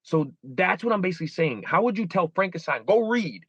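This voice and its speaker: Animated man in his thirties, muffled. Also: fairly quick, husky, no echo. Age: 30s. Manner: animated, acts out inner dialogue with shifting pitch. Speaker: guest. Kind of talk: candid interview talk.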